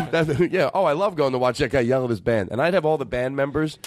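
A man's voice: a little high, huge pitch swings, moderate pace, background noise. A man hosting a casual comedy chat, rambling and self-deprecating, tripping over his own words.

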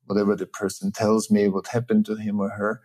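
A man hosting a reflective conversation, speaking thoughtfully with frequent pauses, fillers and restarts. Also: on the low side, completely flat delivery, dark tone. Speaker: host.

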